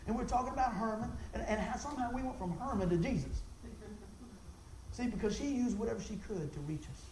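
A man giving an animated, folksy testimony for a ministry, repeating himself and exclaiming as he tells the story. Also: a little fast, reverberant, a little hiss or hum, low-quality recording. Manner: voice jumps high when excited, exclaims.

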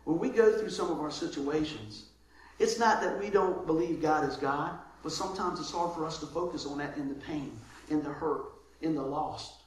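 A man preaching a sermon as pastor, lively, moving between loud calls and soft asides. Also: a little high, normal speed. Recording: very echoey room with faint noise.

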